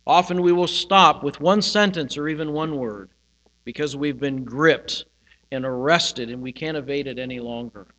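A male pastor giving a sermon, teaching in a slow, reflective way and pausing on single words. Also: on the high side, a bit bright. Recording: hall reverb with mains hum.

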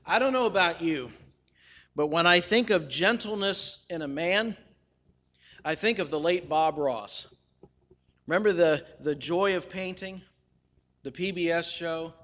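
A man preaching a sermon as a pastor, measured and deliberate, with pauses for emphasis and light humorous asides. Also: fairly high pitch, a bit bright, long reverb tail.

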